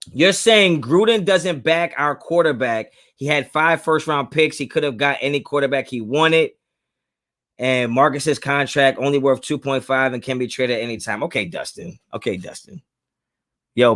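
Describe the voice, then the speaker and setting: Fairly high-pitched and a bit bright, the young sports talk show host argues hotly with his live chat, saying things again and again to drive the point home.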